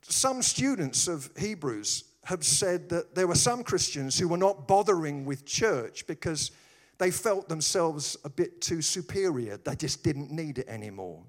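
Animated male preacher, slightly high. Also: unhurried. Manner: animated storytelling with put-on voices and humor. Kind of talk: sermon.

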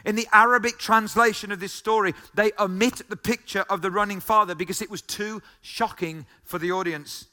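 A man delivers a sermon in a high, ringing voice. He keeps circling back to the same phrases and throws questions at the listeners. His tone stays bright and forward. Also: steady tone, fairly quick, hardly any pauses. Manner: emphatic, repeats key phrases, asks the listeners questions. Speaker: pastor.

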